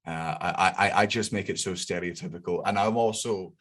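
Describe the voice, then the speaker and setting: A Scottish man with a low, deep voice talks as a comedian guest in a loose, lively conversation. He laughs readily and swears without a second thought. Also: brisk. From Scotland. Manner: animated, laughs often, swears freely. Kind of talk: casual chat.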